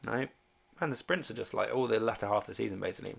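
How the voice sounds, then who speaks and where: A man's voice: lowish voice, racing, gravelly, breathy edge. A man casually chatting on a livestream, reading viewer comments and thinking aloud with lots of fillers and restarts. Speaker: streamer and fantasy sports host.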